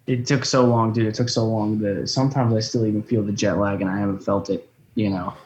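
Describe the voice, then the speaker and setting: A man's voice: fairly low pitch, level tone, a little fast, a little mellow, roomy sound, muffled recording. A young man telling travel stories in a loose, rambling way, swearing often. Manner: rambling storyteller, swears a lot. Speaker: guest. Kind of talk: casual chat. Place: room of a rental flat.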